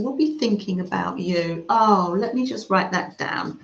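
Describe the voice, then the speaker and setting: A woman gently chatting with her livestream viewers and reading their comments aloud, with soft murmurs and coos. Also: on the low side, unhurried, creaky, hardly any pauses. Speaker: craft livestream host. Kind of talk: casual chat reading live comments. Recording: slightly dull sound in an echoey room.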